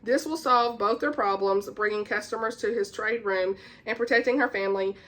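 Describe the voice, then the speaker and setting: A book vlogger with a Southern US accent talks eagerly about upcoming books, reading their blurbs aloud and laughing whenever she stumbles. Her mid-range voice has a fairly bright tone and moves at a moderate pace.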